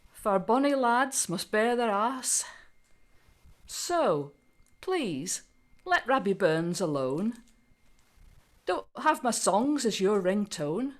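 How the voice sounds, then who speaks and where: A woman voicing the ghost of a weary male Scottish poet in a put-on Doric Scots accent, reciting slow rhyming verse. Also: a little high, voice pushed up.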